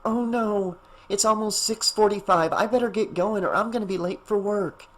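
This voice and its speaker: Man reading a hurried single mom, slightly raised voice, audiobook. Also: sits high, fairly even intonation, fairly bright tone, pitched above the performer's own voice, poor audio. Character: busy, tired single mother.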